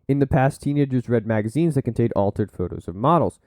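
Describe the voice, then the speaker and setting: A man's voice: medium pitch, lively intonation, brisk, a little mellow, dry recording. A man hosting a solo podcast, reading from sources and breaking off into blunt asides and silly put-on voices. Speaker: podcast host.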